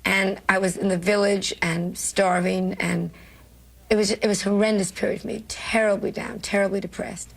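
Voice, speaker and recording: Older woman comedian from New York, gravelly and husky, brash, self-deprecating storyteller. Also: medium pitch, level tone, moderate pace. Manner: brash, self-mocking, emotional, laughs often. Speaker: comedian interviewee. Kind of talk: candid interview storytelling.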